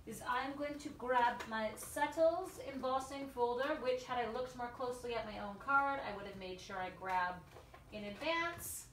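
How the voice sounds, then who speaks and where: Slight background noise accompanies a middle-aged woman's fairly high, fairly bright voice as she chats through a live card-making demo. She's giddy and self-mocking with viewers and sings short la-la runs between steps.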